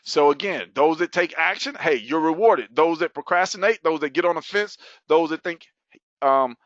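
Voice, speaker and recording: A fairly high-voiced man hosts a webinar and delivers a hyped sales pitch, breaking into whoops and laughs as he piles on offers. The sound is dull and lo-fi, and the voice is dry and close. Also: lively intonation, moderate pace, no echo. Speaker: webinar host.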